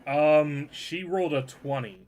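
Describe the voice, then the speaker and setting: A man's voice: a little high, measured pace, heavy background noise. A man narrating as game master in a tabletop game, laughing often at the table. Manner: laughing, animated table talk.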